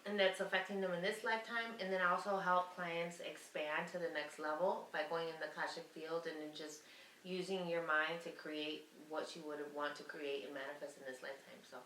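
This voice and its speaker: A woman talks through spiritual ideas in a loose, rambling podcast chat, often pausing to find the next word. Her voice is very bright. She sits a bit back from the mic in an echoey room. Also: fairly low pitch, steady tone, distant mic, a little hiss or hum. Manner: rambling, searching for words, laughs often. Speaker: guest, Akashic Records reader.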